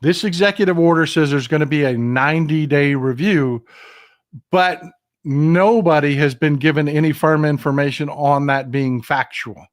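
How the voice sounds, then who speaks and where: Impassioned middle-aged livestream host. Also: male voice, on the high side, moderate pace. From Texas. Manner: impassioned, emphatic, talks straight to viewers. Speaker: political commentary livestream host. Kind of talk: casual livestream commentary.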